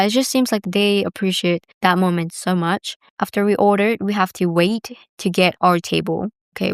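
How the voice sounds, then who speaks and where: A woman in her 20s from Bali vlogs, rambling through casual stories and leaning heavily on "like." Her voice is on the low side and creaky with a clean tone, recorded at studio quality without echo.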